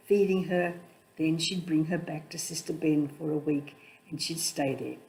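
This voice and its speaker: Older woman telling a gentle mission story. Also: on the low side.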